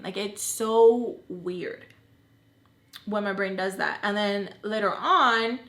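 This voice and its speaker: A young woman vlogger telling a personal story in casual chat, animated and full of filler words. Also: mid-range voice, slow pace. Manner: chatty, animated, lots of "like" fillers. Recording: roomy echo.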